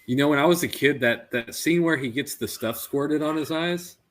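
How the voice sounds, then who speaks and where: A man in his thirties co-hosting a podcast, telling stories in an animated way with lots of fillers and laughs. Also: on the high side. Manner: animated storyteller, quick to laugh, many "like" fillers. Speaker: podcast co-host. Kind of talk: casual chat.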